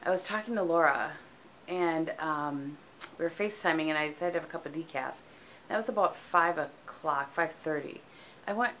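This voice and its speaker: Chatty sleepy woman, bright voice. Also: low voice, normal speed, slight background noise. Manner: chatty, rambling, frequent ums. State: tired, sleepy. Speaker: vlogger. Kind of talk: casual vlog chat. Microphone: camera mic.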